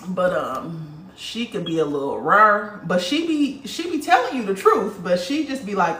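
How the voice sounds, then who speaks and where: A woman's voice: mid-range voice, a little slow, hardly any pauses, a little hiss or hum. Blunt, profane woman in a roomy space. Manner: blunt, profane, animated talker. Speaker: livestream host reading viewer comments. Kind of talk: casual spiritual livestream chat. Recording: roomy, distant from the mic.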